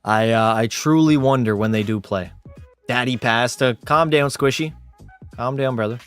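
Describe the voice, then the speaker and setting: A man from Canada talks at normal speed in a clear, resonant voice while livestreaming a game, soft music playing in the background. He reads out viewer messages and responds in a chatty, bantering style, his pitch jumping animatedly.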